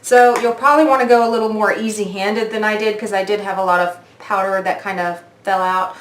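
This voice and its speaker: A woman's voice: mid-range voice, reverberant, a little hiss or hum. A woman in her forties doing a makeup review vlog, gushing and oohing as she tries products at her mirror. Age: 40s. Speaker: beauty vlogger.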